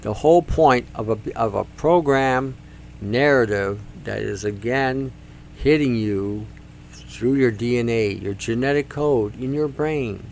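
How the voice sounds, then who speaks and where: A man's voice: mid-range voice, measured pace, creaky, darkish tone, a little hiss or hum. A man hosting a talk show, speaking in a rambling, emphatic monologue that circles back on itself. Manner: rambling, emphatic, repeats himself. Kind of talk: casual monologue.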